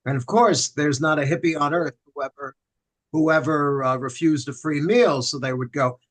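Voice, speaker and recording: An older man with a slightly high voice leads a synagogue service as rabbi. He cracks self-deprecating jokes and teaches the congregation a song line by line, in call-and-response. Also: steady tone, moderate pace, a bit bright. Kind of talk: livestreamed Friday night service with teaching and song. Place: synagogue sanctuary.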